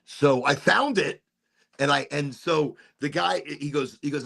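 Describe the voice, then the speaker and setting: Man, podcast host, casual chat, animated storytelling, frequent swearing, raspy, gravelly. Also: medium pitch, moderate pace.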